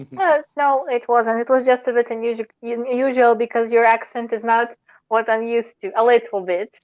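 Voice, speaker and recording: A woman's voice: a little high, fairly even intonation, normal speed, no echo, dull audio. A woman from Ukraine with a Ukrainian accent, speaking English as a guest on a casual podcast chat, friendly and laughing often. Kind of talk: casual chat over a video call.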